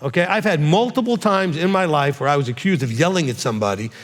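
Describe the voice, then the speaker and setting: A fairly high-voiced man, a rabbi, fields questions from his congregation, talking directly and with a lively, swinging pitch. He keeps checking in with his listeners as he explains. His voice rings out with a long reverb in a large hall. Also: fast talker. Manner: direct, animated, checks in with frequent "okay?".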